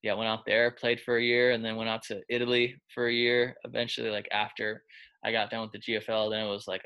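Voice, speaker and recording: Gravelly, bright-voiced man telling stories. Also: fairly low pitch, completely flat delivery, fast. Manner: loose and chatty, heavy with filler words, acts out quoted lines. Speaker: quarterback coach. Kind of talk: casual interview storytelling.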